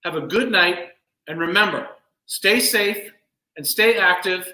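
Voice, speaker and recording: A man serving as master of ceremonies, giving earnest, measured formal closing remarks at a virtual event. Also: high voice, bright, forceful tone, reverberant, low-quality recording. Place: home room, virtual event.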